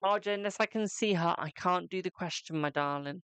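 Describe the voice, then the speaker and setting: A man's voice: sits high, brisk, fairly bright tone, smooth, no room sound. A man with a British accent giving live-stream tarot readings in a chatty way, calling viewers "my darling". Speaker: tarot reader.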